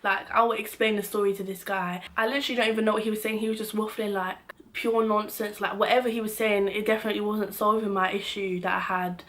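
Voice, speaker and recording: A woman's voice: medium pitch, fast, slight background noise. Young woman, vlogger, slangy and fed-up storytelling, mid-range voice. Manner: animated, slangy, exasperated storytelling. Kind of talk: storytime vlog.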